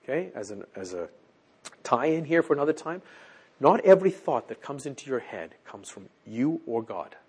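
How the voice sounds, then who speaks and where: Husky, animated male preacher. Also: mid-range voice, normal speed. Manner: animated, keeps checking in with listeners. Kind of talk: sermon.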